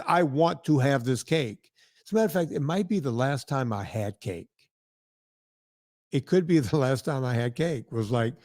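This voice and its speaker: Man, podcast host, casual rambling storyteller, mid pitch, dry close sound. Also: darkish tone, no room sound. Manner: rambling, tag questions like "right?".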